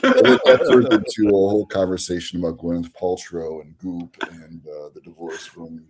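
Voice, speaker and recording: A man's voice: deep voice, fairly even intonation, normal speed, breathy edge. A middle-aged man chatting with fellow players over voice chat, laughing often. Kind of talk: casual chat.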